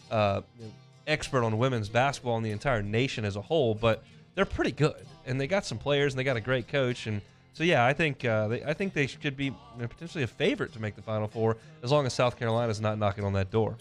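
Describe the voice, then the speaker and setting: A man hosting a sports talk radio show, chatting casually and giving blunt opinions with a conversational back-and-forth. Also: mid-range voice.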